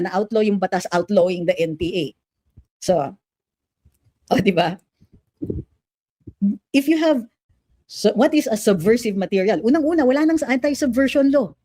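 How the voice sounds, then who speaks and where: A woman's voice: on the high side, mellow, no echo. A middle-aged Filipino woman lawyer giving opinionated political commentary with a Filipino accent, switching between Filipino and English. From Philippines.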